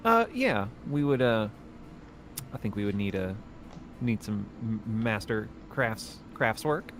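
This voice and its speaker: A man's voice: fairly low pitch, lively intonation, slow pace, noisy background. A man playing a tabletop game in character, speaking hesitantly with many fillers. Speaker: player.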